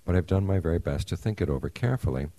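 A man's voice: sits low, animated, racing, warm tone, no echo. A man reading aloud as a humble, earnest embryo who will become the first man, polite and formal. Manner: polite, careful, formal pleading.

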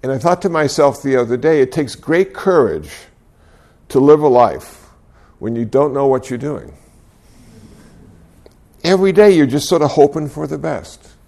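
Gravelly older man giving a dharma talk. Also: medium pitch, lively intonation. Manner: gently humorous storytelling with self-deprecating chuckles; reflective, unhurried. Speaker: Buddhist speaker.

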